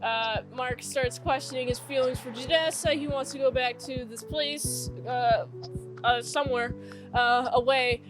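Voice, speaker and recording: A woman's voice: high-pitched, steady tone, measured pace, over music. A young woman casually retelling a movie's plot for a review, rambling, swearing now and then and laughing at her own asides.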